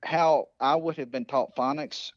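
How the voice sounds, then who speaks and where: A man's voice: fairly high pitch, steady tone, a little slow, no room sound. Louisiana man, folksy guest storyteller, dull dry recording. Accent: Southern US, Louisiana. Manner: folksy storyteller, many "you know" fillers. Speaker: podcast guest. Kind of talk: casual chat.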